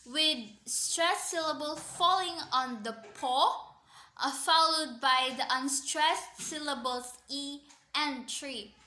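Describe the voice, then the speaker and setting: High, slow-talking young woman presenting. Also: bright, forceful tone. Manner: starts most sentences with "so", many "um" fillers. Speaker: student presenter. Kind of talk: class presentation. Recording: echoey room.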